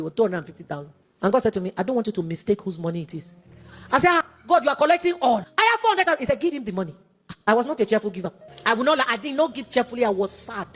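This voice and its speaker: A Nigerian woman in her fifties, a preacher telling a testimony in a sermon and acting out the dialogue as she goes. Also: medium pitch. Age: 50s. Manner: animated storytelling, acts out dialogue.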